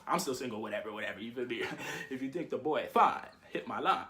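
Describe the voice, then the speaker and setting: A young man telling a story to his viewers in a casual, slangy, animated way. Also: mid-range voice, quick pace. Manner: slangy, animated, keeps saying "you feel me".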